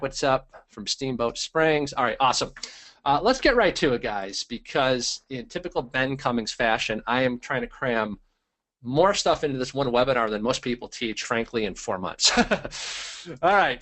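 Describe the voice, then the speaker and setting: Energetic and hyped-up, a medium-pitched man hosts a live online training webinar. He greets viewers by name and fills his speech with plenty of fillers.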